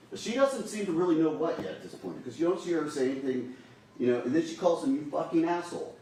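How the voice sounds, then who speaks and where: Guy making a closing argument in court, middle pitch, far off the mic, big echo. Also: darkish tone, a little hiss or hum. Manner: urges and repeats to the jury. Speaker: prosecutor.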